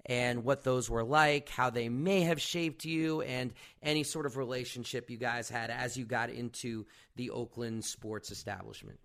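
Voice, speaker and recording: A man's voice: mid-range voice, fairly even intonation, normal speed, few pauses, fairly bright tone. Rambling, friendly man host. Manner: friendly, rambling questions with restarts and laughs. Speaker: podcast host. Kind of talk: casual interview chat.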